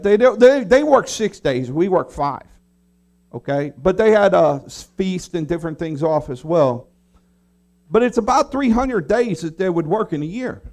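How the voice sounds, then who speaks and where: A man's voice: sits high, darkish tone. A man pastor preaching a conversational sermon to his congregation, briefly acting out the voices of a grumbling crowd.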